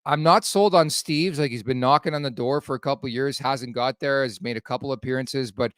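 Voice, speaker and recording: A man's voice: mid-range voice, fairly quick, a bit bright, no echo, clean studio sound. A man co-hosting a casual sports talk show, chatty and laughing along, reading promos between topics. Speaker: podcast co-host.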